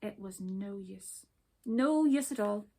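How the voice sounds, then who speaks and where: A woman reading a children's story aloud, gentle and expressive. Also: medium pitch, slow pace.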